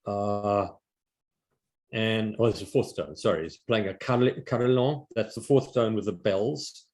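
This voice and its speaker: An older man giving an informal art history slide lecture, halting with many fillers and restarts. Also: lowish voice, darkish tone.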